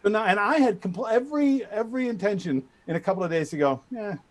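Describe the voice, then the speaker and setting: A middle-aged man telling a story as a guest in a casual chat, animated and full of restarts. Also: high-pitched, quick pace. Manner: animated, trash-talking storyteller with many restarts. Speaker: guest speaker.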